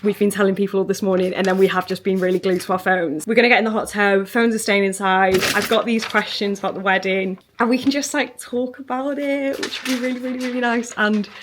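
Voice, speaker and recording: A woman's voice: mid-range voice, flat delivery, fast talker, few pauses. A young woman talking in a chatty, gushing way in a casual vlog. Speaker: vlogger. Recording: noisy phone recording.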